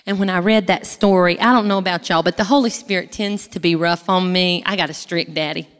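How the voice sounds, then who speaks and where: A woman's voice: lowish voice, steady tone, fairly quick. A woman gives a chatty church testimony from a stage, talking straight to the audience. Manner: folksy, chatty, addresses the audience directly. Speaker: speaker giving a testimony. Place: large hall, speaking from a stage. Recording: echoey hall with long reverb.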